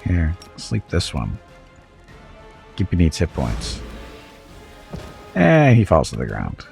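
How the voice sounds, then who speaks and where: A man's voice: sits low, huge pitch swings, slow, vocal fry, a little mellow, soft background music. A man streaming a video game, chatting casually with viewers and making wry, chuckling asides. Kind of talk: casual let's-play commentary.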